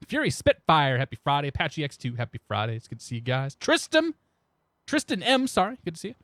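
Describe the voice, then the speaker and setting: A man's voice: fairly high pitch, big pitch swings, brisk, a bit bright, no echo, clean studio sound. A young man streaming a flight sim, rambling casually and greeting his chat by name into a desk microphone. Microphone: new desk microphone.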